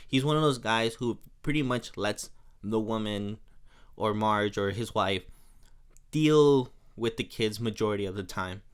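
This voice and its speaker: A man's voice: medium pitch, smooth. A young man hosting a podcast, recapping an episode in a casual, rambling, chatty way with plenty of fillers. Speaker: podcast host.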